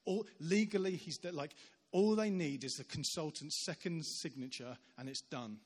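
A man's voice: a little high, normal speed, slightly rough. Man preaching in a reverberant church hall. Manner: animated storyteller acting out quoted voices. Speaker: visiting preacher. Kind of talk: sermon storytelling.

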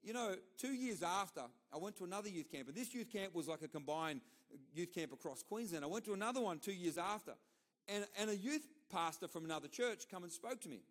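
A middle-aged Australian man preaches a sermon in a loose, storytelling style. His voice sits a little higher than usual for a man, and he leans on repetition and emphatic asides to drive his points home. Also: lively intonation, fairly quick. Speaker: pastor.

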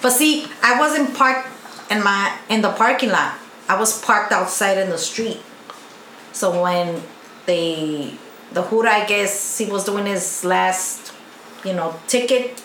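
A middle-aged woman, co-host of a podcast, telling a story in animated casual chat with heavy swearing. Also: mid-range voice, slow pace. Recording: roomy echo, faint background noise.

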